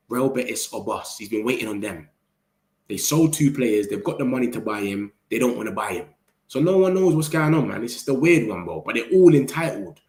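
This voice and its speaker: Young male host, animated and slangy, reading chat in an echoey room. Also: mid-range voice. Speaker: football channel host reading live chat. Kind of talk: casual livestream chat.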